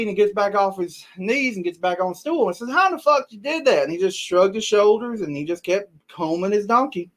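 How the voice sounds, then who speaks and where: A man co-hosting a casual podcast, rambling through long jokes, swearing freely and laughing at himself, sleepy. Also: high-pitched. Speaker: podcast co-host. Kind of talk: casual podcast banter, joke telling.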